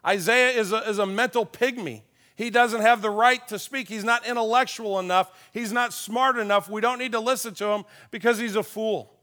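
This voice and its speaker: A man, a pastor, giving a conversational sermon with personal stories, dropping softly on key points. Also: high-pitched, steady tone, normal speed. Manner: folksy, tells personal stories with chuckles.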